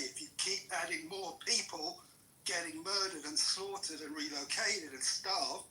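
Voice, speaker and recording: Man, angry ranting debater, constant swearing, sharp tone, distant roomy recording. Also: high-pitched. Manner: furious, swears constantly, shouts insults. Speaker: political commentator in a heated debate. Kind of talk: angry profane rant. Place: room with others present. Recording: roomy echo, distant mic.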